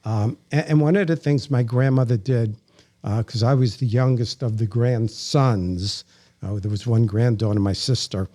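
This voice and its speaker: Mellow-voiced New York man, chatty storyteller. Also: mid-range voice, normal speed. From New York, Bronx. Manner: leisurely, chatty storyteller, wry humor. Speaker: guest. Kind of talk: casual interview chat.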